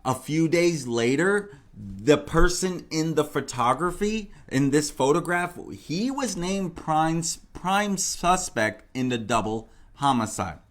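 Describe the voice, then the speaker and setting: A man's voice: fairly high pitch, animated, slow pace. Rambling man hosting true crime talk. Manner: repetitive, rambling, full of "you know" and "like". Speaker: true crime channel host. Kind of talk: casual true crime commentary.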